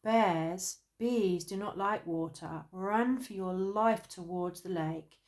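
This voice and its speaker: A woman voicing a calm, reassuring cat. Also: on the low side, slow pace. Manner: soothing, reassuring. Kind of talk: storybook reading.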